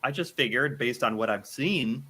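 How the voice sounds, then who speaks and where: A man's voice: medium pitch, normal speed, bright, forceful tone, breathy edge. An American man casually reacting to a video, thinking aloud and laughing often. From United States.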